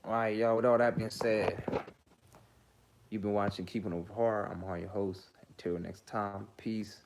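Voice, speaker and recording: A man's voice: lowish voice, fairly even intonation, normal speed, slight background noise. Man ranting on his own show. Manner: heated ranting, repeats himself, stammers. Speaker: host. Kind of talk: opinion commentary vlog.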